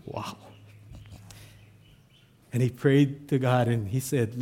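Pastor telling a funny story. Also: male voice, mid-range voice, unhurried, long pauses, slightly rough. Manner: animated storyteller, self-deprecating humor. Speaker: assistant pastor. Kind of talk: storytelling sermon.

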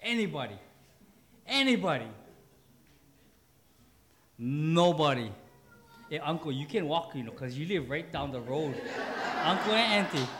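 A man's voice: on the high side, animated, moderate pace, a bit bright. A man preaching a sermon in church with a light tinge, joking with the congregation. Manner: joking, playful asides to the congregation. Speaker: pastor.

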